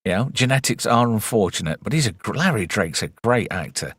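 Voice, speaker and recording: A man's voice: fairly low pitch, animated, brisk, a bit bright, breathy edge, no room sound, studio quality. A man giving a rambling, irreverent movie commentary and swearing freely. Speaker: movie reviewer. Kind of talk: casual film commentary.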